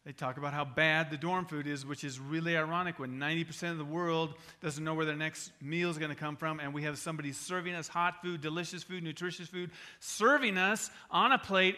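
Middle-aged male pastor, emphatic sermon delivery, bright forceful tone. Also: a little high, fairly quick. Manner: emphatic preaching with rhetorical questions to the congregation.

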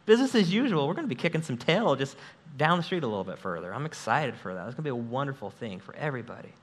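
Racing through his sermon at a medium pitch, a man preaches to his church as its pastor. He speaks into a stage microphone in an energetic, chatty way and cracks jokes with the congregation.

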